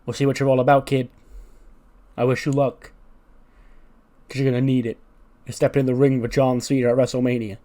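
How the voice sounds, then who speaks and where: Brief: man voicing a veteran male wrestling champ, boastful trash talk, mid pitch. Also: level tone, fairly quick, long pauses, warm tone, close to an everyday voice. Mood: grudging.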